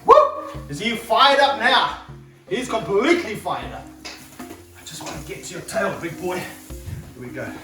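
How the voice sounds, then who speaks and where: Excitable snake handler, roomy and distant. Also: male voice, a little high. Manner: energetic, exclaiming, coaching a helper. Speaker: snake handler and wildlife vlogger. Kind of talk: excited hands-on wildlife vlog. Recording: roomy sound, mic held off at a distance, faint music behind.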